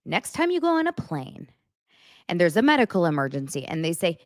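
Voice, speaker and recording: A woman hosting a casual true-crime commentary, talking fast with a sarcastic, incredulous edge. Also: lowish voice, sing-song, dry recording, clean studio sound. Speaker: commentary host.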